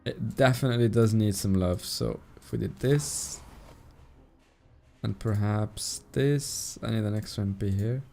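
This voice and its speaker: A man's voice: lowish voice, a little slow, vocal fry, mellow, soft background music. A man with a non-native English accent streaming a game, chatting casually and thanking viewers in chat as he plays. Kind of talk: casual live-stream commentary while playing.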